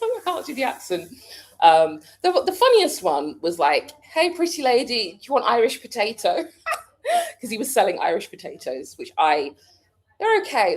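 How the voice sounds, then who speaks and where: Answering questions from her live chat, this UK vlogger speaks British English in a medium pitch with a somewhat dark tone. The conversation is casual, and she laughs frequently while working through her thoughts aloud.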